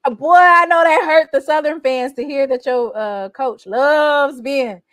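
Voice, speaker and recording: A woman recapping her team's college football season in a casual, boastful, teasing way, with animated exclamations. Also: high voice, normal speed, hardly any pauses, no echo. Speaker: college football fan vlogger. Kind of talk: casual trash-talking recap.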